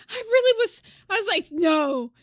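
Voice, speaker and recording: A woman with a very high, bright voice hosts a reaction commentary. She is blunt and casual and swears freely. She speaks close to the mic with a dry sound. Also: expressive, unhurried, no room sound. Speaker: commentary channel host.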